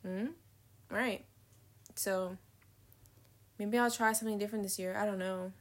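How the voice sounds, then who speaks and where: A woman's voice: mid-range voice, fairly even intonation, a little slow. A young woman venting in a casual confessional vlog, candid, slangy and profane, trailing off mid-thought and laughing often. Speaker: vlogger.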